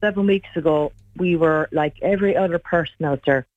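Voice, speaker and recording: A middle-aged woman giving an earnest, halting personal account in an interview. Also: sits low, no echo. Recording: dry tinny phone-like sound.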